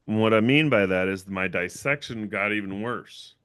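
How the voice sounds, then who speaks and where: Bright, crisp-voiced man telling a story. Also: on the low side, normal speed, dry recording, clean studio sound. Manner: rambling, repeats himself, fillers like "right?". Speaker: channel owner and livestream host. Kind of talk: casual livestream storytelling.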